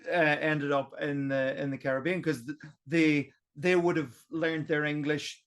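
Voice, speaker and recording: A man's voice: on the high side, fairly even intonation, unhurried, a bit bright. A man on a roundtable podcast, explaining history at length in a casual way, with lots of "um" and restarts. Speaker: podcast co-host.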